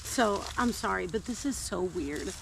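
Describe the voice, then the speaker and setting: A woman vlogging casually while digging in her garden outdoors, chatty and quick to laugh. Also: medium pitch, expressive. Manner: chatty and easily delighted, laughs often. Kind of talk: casual chat while working. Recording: outdoor recording with clear background noise.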